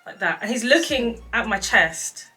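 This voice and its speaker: Bright-voiced young woman telling stories. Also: a little high, normal speed, soft background music. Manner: animated, acts out quotes, laughs often. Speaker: vlogger telling dating stories. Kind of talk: casual storytelling chat.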